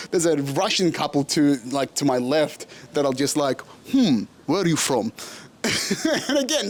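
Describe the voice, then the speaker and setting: Laughing, swearing Australian guy telling a story. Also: fairly high pitch. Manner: laughs often, profane, self-mocking. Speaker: podcast host. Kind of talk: casual storytelling monologue.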